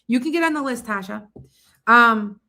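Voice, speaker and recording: A woman psychic hosting a casual livestream from home, talking fast in a rambling, animated way. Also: on the high side.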